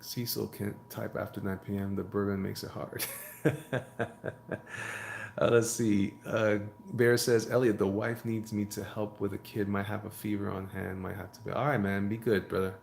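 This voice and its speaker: A man's voice: lowish voice, little pitch movement, normal speed, vocal fry, darkish tone, reverberant, slight background noise. A man, a comic artist, chatting casually on a live stream while he draws, reading viewer comments aloud and joking around. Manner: rambling, jokey, reads chat aloud and riffs.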